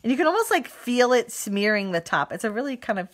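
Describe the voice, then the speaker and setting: A woman's voice: a little high, very animated, fast talker, a bit bright. Chatty, giggly woman crafting live. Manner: chatty, giggly, reads and answers live comments. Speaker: card-making demonstrator.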